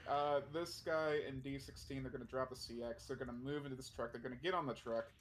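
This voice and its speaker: A man's voice: medium pitch, fairly even intonation, fast talker, poor audio. A man playing a board game on a live stream, thinking aloud and counting moves with many fillers.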